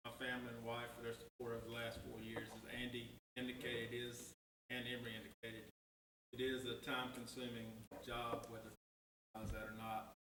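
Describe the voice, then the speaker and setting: A man, a town councilman giving plain thank-you remarks at a council meeting, recorded from a distance in an echoey chamber with background noise. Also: medium pitch.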